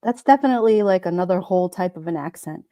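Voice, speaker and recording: A middle-aged New Yorker hosts a casual livestream, reading viewers' comments aloud, joking and laughing often. Her voice sits on the low side and sounds mellow yet animated, and she talks fast with no echo.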